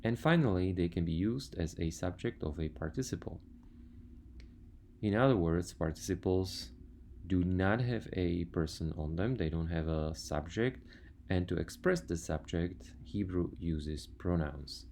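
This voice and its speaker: A man's voice: low voice, measured pace, mellow, a little hiss or hum. A man teaching a language lesson, patiently listing words one by one and explaining grammar step by step. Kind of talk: slide lecture on grammar.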